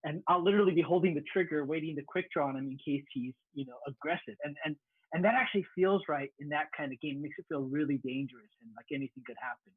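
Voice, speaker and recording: A man telling stories in a relaxed stream chat, animated, often stumbling over his first words. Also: on the high side, fast, husky, no echo. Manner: animated storyteller, repeats words when starting. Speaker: panelist. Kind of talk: casual chat. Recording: tinny phone-like line.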